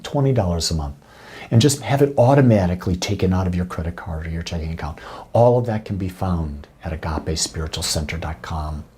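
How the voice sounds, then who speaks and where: Low, very breathy male minister. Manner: soft, intimate delivery with frequent breathy, whispered phrases; slow, deliberate affirmations. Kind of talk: spiritual talk.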